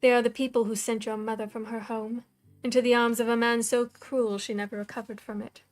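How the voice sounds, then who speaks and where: A woman voicing a cold, scornful dark mentor. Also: on the high side, little pitch movement, brisk, soft background music, lightly acted. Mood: cold, commanding.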